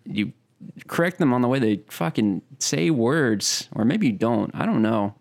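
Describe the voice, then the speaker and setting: A man's voice: medium pitch, lively intonation, measured pace, vocal fry, a little mellow. A man co-hosting a podcast, joking and swearing in loose, mock-sincere banter. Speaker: podcast co-host. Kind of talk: casual banter.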